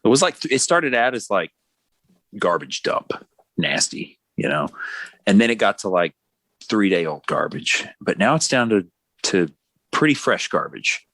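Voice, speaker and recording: A man's voice: on the low side, unhurried, dry recording. A man hosting a podcast, chatting casually and rambling with jokes. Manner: rambling and joking, lively ups and downs. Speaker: podcast host. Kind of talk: casual chat.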